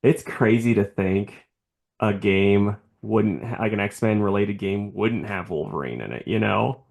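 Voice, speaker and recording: A man co-hosting a podcast in casual chat, animated and acting out quoted characters for laughs. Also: on the low side, unhurried, vocal fry. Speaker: podcast co-host.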